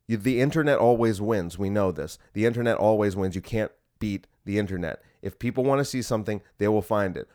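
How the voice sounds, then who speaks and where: A man hosting a solo podcast, ranting in an exasperated, animated way with plenty of swearing. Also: fairly low pitch, no room sound, clean studio sound. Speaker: podcast host. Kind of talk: casual solo podcast rant.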